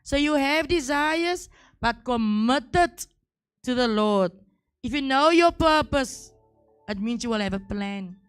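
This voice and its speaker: Woman preacher, emphatic and repetitive, fairly high voice, dry close sound. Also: expressive, slow, smooth, no echo, faint music behind. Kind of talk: sermon.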